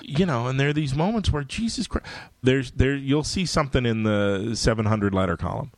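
A middle-aged man, a comic book writer, telling stories in casual conversation and jumping into loud voices for quoted lines. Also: medium pitch, a little fast, no room sound.

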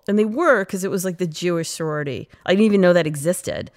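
A middle-aged woman from the United States, an interview guest, telling stories in a lively, chatty way and acting out her past self. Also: lowish voice, fairly quick. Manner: animated, quotes her past self, frequent laughs and "like". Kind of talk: casual interview storytelling.

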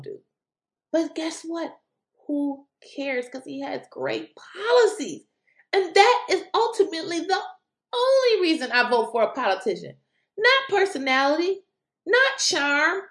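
A woman giving animated political commentary, incredulous and exclaiming at times. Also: high-pitched, reverberant. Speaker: commentary vlogger.

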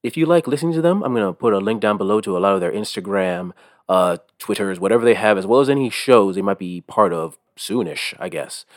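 A man's voice: fairly low pitch, quick pace, no echo. Chatty man with a dry recording. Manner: relaxed, chatty. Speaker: podcast host. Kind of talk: casual intro and thanks.

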